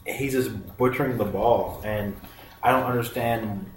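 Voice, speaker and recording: A man's voice: on the low side, a little slow, a little hiss or hum. A man co-hosting a casual sports podcast, chatty and rambling, who often cuts himself off mid-sentence. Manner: chatty, rambling, self-interrupting. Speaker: podcast co-host, sports analyst. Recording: echoey room.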